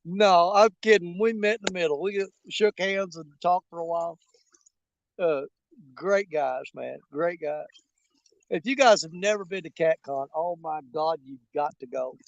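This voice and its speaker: High-voiced folksy man. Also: a little slow, creaky, dry recording, lo-fi sound. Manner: rambling, folksy, jokey, with frequent fillers. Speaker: fishing channel host. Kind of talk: casual live-stream chat to viewers. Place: outdoors by a river.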